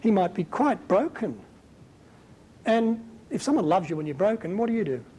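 A man giving a conversational Bible teaching as a preacher, talking in an animated, colloquial and emphatic way. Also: high-pitched, moderate pace, breathy edge, low-quality recording.

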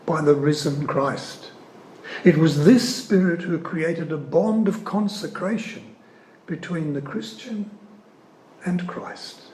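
A man giving an earnest, emphatic sermon-style teaching on scripture. He leans hard on key words and pauses often. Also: fairly high pitch, darkish tone, a little hiss or hum. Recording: echoey room.

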